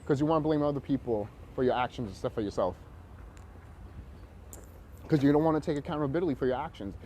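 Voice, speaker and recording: A man's voice: medium pitch, fast talker, warm tone, slight background noise. A man vlogging a rambling, confrontational rant, swearing often and full of fillers.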